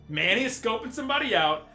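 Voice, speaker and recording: A young man co-hosting a podcast, reviewing a movie in casual comedic chat, laughing often and sounding animated and exasperated. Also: sits high. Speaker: podcast co-host.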